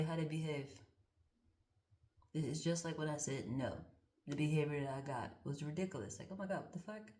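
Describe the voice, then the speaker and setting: Low-voiced woman musing over cards. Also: a little mellow, roomy sound. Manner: musing, candid, swears freely, thinks aloud. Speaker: card reader. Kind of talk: casual spiritual card-reading monologue.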